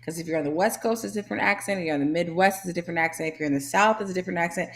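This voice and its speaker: Chatty low-voiced woman co-host. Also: very fast. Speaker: podcast co-host. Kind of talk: casual chat.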